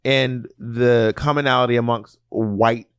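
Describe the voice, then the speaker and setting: Man, podcast co-host, casual chat, frank, middle pitch, dry close sound. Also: steady tone, clean tone, no echo. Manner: chatty, frank, prone to restarts and slowing mid-thought.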